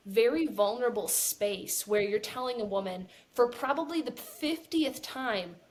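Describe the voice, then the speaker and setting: A woman's voice: a little high, unhurried, a little hiss or hum. A woman co-hosting a casual podcast conversation, earnest and talking in restarts with lots of "like". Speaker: podcast co-host.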